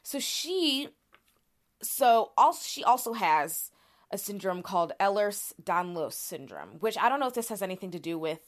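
A woman's voice: mid-range voice, sing-song, normal speed. A woman co-hosting a podcast, explaining a topic in casual conversation with frequent fillers and restarts. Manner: chatty, many "like" fillers and restarts. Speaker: podcast co-host presenting research.

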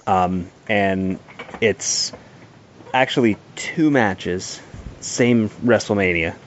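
Slow-talking man with a low voice. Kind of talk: casual chat. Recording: dull lo-fi sound with faint noise.

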